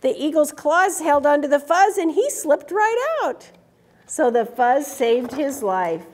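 A woman reading a picture book aloud to children in an animated way, stopping to ask them questions. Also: high voice, a little slow, a little hiss or hum. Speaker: storytime reader.

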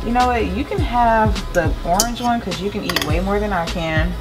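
A woman's voice: mid-range voice, moderate pace, over music. A woman vlogger chatting casually and playfully with her viewers, using plenty of slang. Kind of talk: casual vlog chat.

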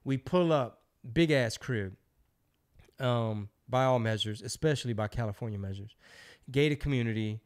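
A man's voice: medium pitch, normal speed, clear, resonant tone. Loose, profane man telling a story. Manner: loose, profane, animated storyteller who acts out quotes. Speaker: podcast host. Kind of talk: casual storytelling.

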